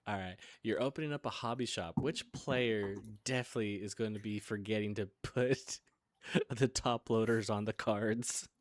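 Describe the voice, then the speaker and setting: This is a man with a lowish voice hosting a loose, friendly chat. He reads out playful questions and keeps breaking into laughter. The sound is close and dry, with no room around it. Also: moderate pace, no room sound. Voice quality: laughs often while asking. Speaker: podcast host asking questions. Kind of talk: casual chat.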